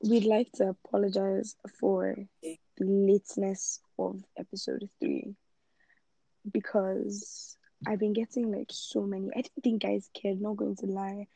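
A woman's voice: mid-range voice, little pitch movement, gravelly, mellow, dry recording, poor audio. Chatty young woman podcast co-host. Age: young adult. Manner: chatty, playful and quick-talking. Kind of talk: casual chat. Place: her own room.

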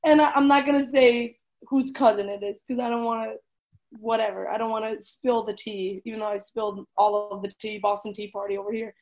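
A bubbly young woman in her twenties, co-hosting a podcast in easy, casual chat. Her voice sits a little high, and she giggles often, saying "like" constantly as she tells a story. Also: fairly even intonation, fairly quick, a little mellow. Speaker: podcast co-host.

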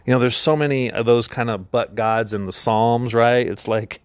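A man's voice: medium pitch, fairly even intonation, normal speed, dry recording. A man hosting a Christian teaching podcast, talking in an earnest, emphatic preaching manner. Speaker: podcast host.

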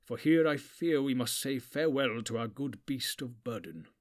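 A commanding old wizard, as a male narrator puts him on. He speaks slowly and with weight. It is a storybook reading. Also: medium pitch, lightly acted. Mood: grave. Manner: slow, weighty, deliberate. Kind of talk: audiobook character voice.

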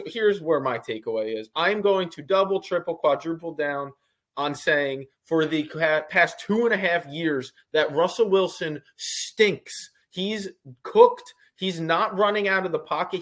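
A man co-hosting a sports podcast, talking in a relaxed, conversational way and giving firm opinions. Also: fairly high pitch, measured pace. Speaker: podcast co-host. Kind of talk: casual sports podcast chat.

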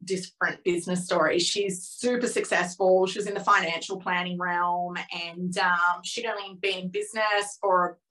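A woman in her thirties, a podcast guest telling a personal story candidly and with feeling, acting out the dialogue in lively voices. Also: on the low side, normal speed, hardly any pauses, low-quality recording. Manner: candid, emotional, swears freely.

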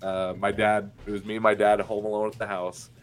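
A man's voice: on the low side, level tone, a little fast. A man from Indiana who is a podcast guest, telling personal stories in a candid, profane way, with many fillers and restarts. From Indiana, USA. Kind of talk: casual interview storytelling.

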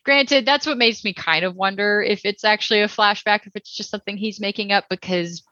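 A woman's voice: medium pitch, fairly quick, bright, forceful tone, no echo. A woman co-hosting a podcast, reviewing a TV episode in casual chat, rambling with lots of fillers. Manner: chatty, rambling with many fillers. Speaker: podcast co-host. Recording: dull lo-fi dry recording.

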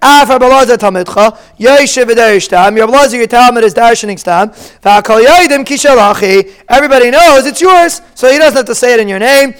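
A man teaching a daily Talmud lesson in a strikingly high, smooth and clear voice. He reads each line and explains it casually, stopping to ask his listeners rhetorical questions. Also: brisk, fairly bright tone.

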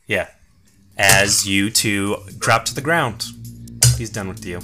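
A man narrating as game master of a tabletop game, relaxed and chuckling. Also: fairly low pitch, takes it slowly, over music.

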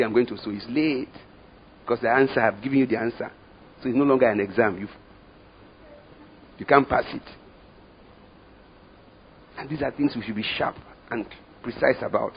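A man with a Nigerian accent preaching a sermon, moving from hushed asides to loud, slow, emphatic lines. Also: mid-range voice, a little hiss or hum. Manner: dramatic swings from hushed to loud, slow emphatic scripture reading. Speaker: pastor. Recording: dull lo-fi sermon recording.

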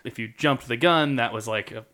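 A man's voice: medium pitch, a little fast, bright, forceful tone. A man hosting a quiz, joking with puns and explaining each answer in an easygoing way. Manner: playful, punning, explains answers at length. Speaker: quiz host. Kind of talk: casual quiz banter.

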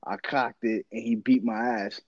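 A man's voice: mid-range voice, normal speed, no echo, dull audio. A man chatting casually with friends and telling a story in slangy talk, acting out the voices. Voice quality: slangy, animated, acts out voices.

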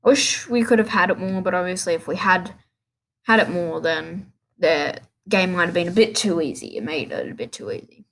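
A woman's voice: lowish voice, moderate pace. A woman hosting a casual solo gaming podcast, rambling and restarting her sentences in an offhand way. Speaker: podcast host.

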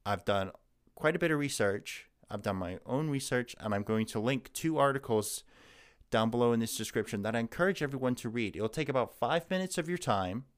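A young man ranting angrily in a profane, heated vlog. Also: medium pitch. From Canada. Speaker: vlogger. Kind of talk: angry political rant.

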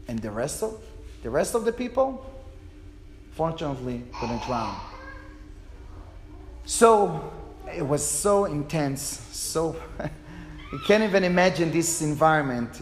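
A man's voice: sits high, echoey room, long reverb tail, slight background noise, rough recording. A man, a rabbi, telling a personal story in a passionate, emotional way.

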